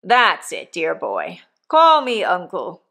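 A rough old convict speaks loud and slow, each word weighed and blunt, as a woman reader puts him on. His delivery is emphatic and gruff, a storybook figure. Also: fairly low pitch, huge pitch swings, full character voice.

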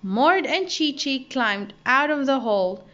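Animated woman teacher reading a storybook. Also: sits high, slow pace. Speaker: primary school teacher. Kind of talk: read-aloud story time. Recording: dull lo-fi audio.

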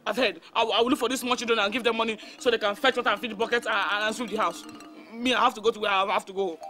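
A woman's voice: a little high, fairly even intonation, racing. An actress with a Nigerian accent playing a defiant young woman who stammers when pressed. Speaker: young daughter. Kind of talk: Nollywood film acting. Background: loud film score music.

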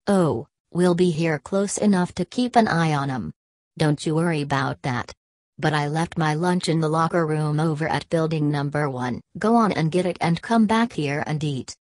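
A proud old Southern workman boasts in folksy rural dialect, read by a woman. The voice sits low and deep. The recording is dry and close, with no room sound. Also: normal speed, a little mellow, dry recording, natural voice. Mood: boastful.

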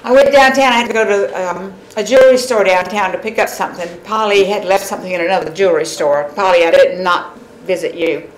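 A woman's voice: mid-range voice, fast. A woman hosting a live-streamed office drawing, telling a joke in a folksy way and laughing often. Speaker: host. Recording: echoey room, faint noise.

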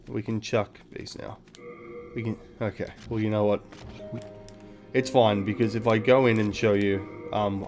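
A man's voice: lowish voice, darkish tone. A man giving casual gameplay commentary, thinking aloud, explaining game mechanics and swearing freely. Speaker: gaming video host.

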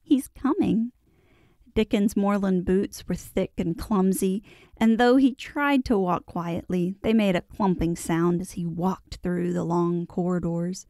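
A woman narrating a classic children's novel in a measured, expressive storytelling voice. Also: lowish voice, no room sound, studio quality. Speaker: audiobook narrator. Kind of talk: scripted audiobook narration.

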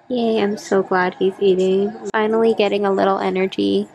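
Young woman vlogging casually at home, lots of vocal fry, chatty and cooing at her dog. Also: medium pitch, level tone, moderate pace, few pauses, music in the background. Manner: chatty, coos baby talk to her dog. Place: home, indoors.

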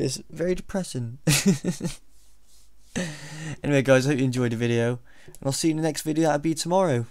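A young man commentating a game he is playing, excitable and mocking, laughing often at what he sees. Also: mid-range voice, fairly quick, long pauses, no room sound. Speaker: gaming YouTuber. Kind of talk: let's play commentary. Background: game music.

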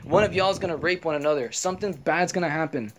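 A man's voice: on the high side, fast, noisy background. A man rambling through a casual vlog monologue, swearing freely and filling his talk with "you know" and "I'm like.". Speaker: vlogger.

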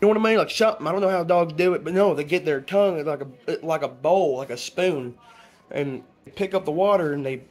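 A man's voice: on the high side, fairly quick, darkish tone, close to an everyday voice. An actor playing a rambling, conspiracy-minded man, talking in a preachy, stumbling comedy monologue. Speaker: comedy vlog character.

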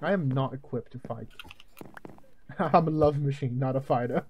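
A man playing a video game with friends, talking in an excitable, joking way and yelping when things go wrong. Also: mid-range voice, moderate pace, lo-fi sound, slight background noise. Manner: excitable, jokey, yelps when plans go wrong. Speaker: gamer. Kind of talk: casual gaming chat.

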